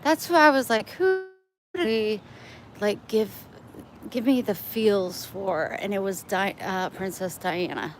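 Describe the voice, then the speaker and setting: Speaking at a medium pitch and a slow pace, a woman chats to her viewers as she walks outside with her phone, her livestream talk meandering from one tangent to the next. Traffic and general outdoor sounds run behind her.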